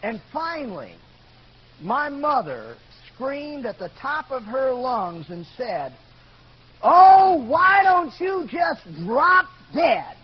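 An older man gives a sermon, recounting his own story in an earnest voice that climbs to loud outbursts. His voice sits notably high for a man. The recording sounds muffled and dull, with a faint hiss underneath. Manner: earnest storytelling, rises to shouting when quoting. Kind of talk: sermon testimony.

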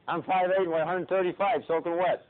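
A middle-aged man preaching a sermon dramatically, swinging from soft, hushed passages to pleading cries and repeating his phrases. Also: high-pitched, flat delivery, fairly quick. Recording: tinny phone-like lo-fi recording.

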